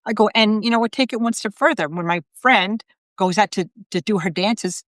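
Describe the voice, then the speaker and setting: A woman's voice: medium pitch, moderate pace, fairly bright tone, no echo, studio quality. A middle-aged woman, a psychic medium hosting a live video, telling a story in a chatty way with many fillers and quoted voices. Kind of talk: casual storytelling on a live stream.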